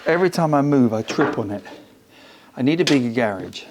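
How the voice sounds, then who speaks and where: A man's voice: mid-range voice, animated, a little fast, noisy background. A man in his home garage, talking to himself and the camera in a casual, self-mocking way while he works. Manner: muttering to himself, wry and self-mocking, straining. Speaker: car restoration vlogger.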